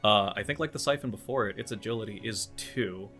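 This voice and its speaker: A man's voice: on the low side, a little fast, sharp tone, soft background music. A man running a tabletop game as game master, explaining rules and narrating with many fillers and restarts.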